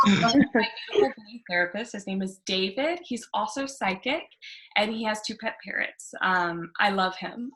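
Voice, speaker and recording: Bright, laughing young comedian woman. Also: medium pitch. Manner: self-mocking, laughs through her punchlines. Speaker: stand-up comedian. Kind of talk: stand-up set on a video call. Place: her living room. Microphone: webcam on a video call.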